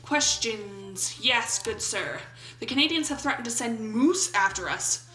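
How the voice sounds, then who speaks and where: In a sharp, expressive voice pitched a little high, a woman of about twenty-seven speaks a little slowly as she commentates a game on YouTube. She reads its questions aloud playfully and goofily, joking and trying out brief silly voices. Faint music sits behind her in a reverberant space, and the audio is poor.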